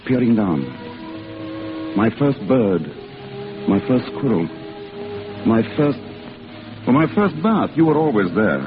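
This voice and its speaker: An actor playing a boyish, lovestruck young man in 1940s radio acting, earnest and halting. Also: medium pitch, big pitch swings. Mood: playful. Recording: narrow-band old radio broadcast with music.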